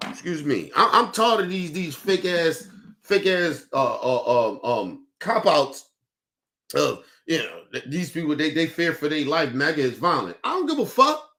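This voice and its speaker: Heated, cursing man with a high voice. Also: very animated, a little slow, pushed and bright. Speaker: podcast host. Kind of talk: profane rant on a talk show.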